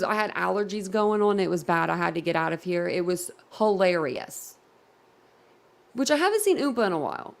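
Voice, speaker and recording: This livestream host speaks at a medium pitch with a creaky quality. Talking straight to the chat in a relaxed stream, she comes across as giggly and quick to get flustered.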